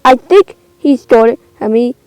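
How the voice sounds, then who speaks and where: A woman's voice: a little high, lively intonation, normal speed, darkish tone, clear, resonant tone, no echo, low-quality recording. A woman giving casual gameplay commentary, indignant and exclaiming, rambling between outbursts. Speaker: gamer.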